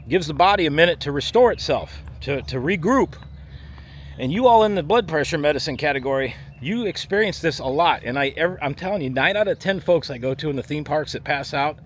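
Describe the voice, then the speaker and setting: A man, a firefighter paramedic, talking bluntly and emphatically to camera on a walk-and-talk vlog outdoors. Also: fairly high pitch. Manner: blunt, emphatic, acts out body parts in voices. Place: outdoors in a theme park area. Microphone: handheld camera while walking. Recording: faint street and traffic noise outside.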